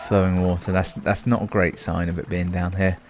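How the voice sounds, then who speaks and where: A man with a low, gravelly voice chats his way through a game. His commentary is dry, self-mocking and rambling. Faint music plays behind him. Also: level tone, brisk, darkish tone. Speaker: let's play host.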